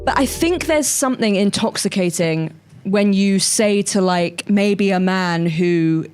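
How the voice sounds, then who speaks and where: A woman's voice: medium pitch, unhurried, soft background music. Young woman riffing casually on a podcast, lots of "like" and "you know", swears a lot. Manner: animated, swearing, many fillers. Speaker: podcast co-host. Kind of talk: casual chat.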